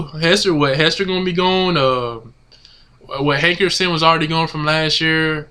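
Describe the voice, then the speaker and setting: A man's voice: on the high side, fairly even intonation, moderate pace, sharp tone, smooth. A man ranting casually to his camera as a sports fan, exasperated and slangy, repeating himself. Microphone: camera mic.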